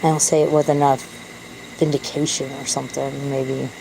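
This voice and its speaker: Low voiced woman rambling about herself, candid and self-deprecating, a little hiss behind. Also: flat delivery, normal speed, vocal fry. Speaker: vlogger. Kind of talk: casual rambling monologue.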